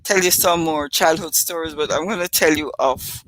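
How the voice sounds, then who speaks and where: A woman's voice: low voice, steady tone, normal speed, a bit bright, slight background noise, low-quality recording. Chatty Jamaican woman host. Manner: chatty, laughs at her own stories. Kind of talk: casual live-stream storytelling.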